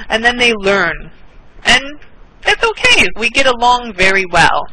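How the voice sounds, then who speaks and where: A woman's voice: fairly high pitch, normal speed, rough recording. An American woman teaching an online English class, patient, repeating words and laughing often. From United States. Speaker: English tutor. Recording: steady background noise with clicks.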